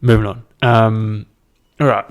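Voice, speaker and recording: A man's voice: on the low side, level tone, measured pace. A young man hosting his own podcast, talking alone in a loose, rambling, profane and self-mocking way. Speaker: podcast host. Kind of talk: casual solo podcast monologue.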